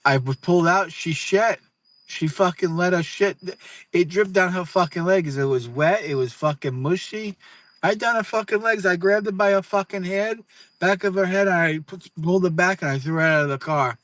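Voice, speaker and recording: A man's voice: sits high, moderate pace, fairly bright tone, dry recording. A man in a played clip giving a crude, profane, rambling rant, repeating himself and stumbling over words.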